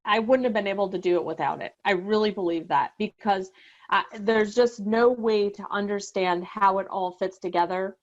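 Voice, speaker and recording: A woman guest talks through her story in a halting way, full of fillers and false starts. Her voice sits in the middle of the range for a woman. The audio is dull and lo-fi. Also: medium pitch. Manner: halting, many restarts and fillers, laughs nervously. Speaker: guest sharing her exam success story. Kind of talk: emotional podcast interview.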